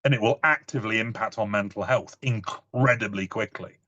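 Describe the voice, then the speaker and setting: A man's voice: fairly low pitch, a little fast, sharp tone, muffled recording. A British man in his thirties giving a casual talk, telling personal stories in a chatty way with many restarts. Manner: chatty, frequent "you know", stumbling restarts.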